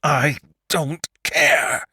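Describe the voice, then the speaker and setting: A man voicing a hateful, desperate dead man brought back to life, speaking slowly and heavily in a storybook reading. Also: very deep voice, vocal fry, fairly bright tone, slightly rough, no echo, studio quality, pitched below the performer's own voice, exaggerated voice. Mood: screaming. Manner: slow, heavy, bitter.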